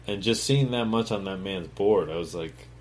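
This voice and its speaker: A deep-voiced man, speaking at normal speed over a little hiss or hum, hosts his own talk show and shares his life story. It's a loose, rambling, casual monologue with plenty of swearing and fillers, mumbled asides, and acted-out voices for the people he quotes.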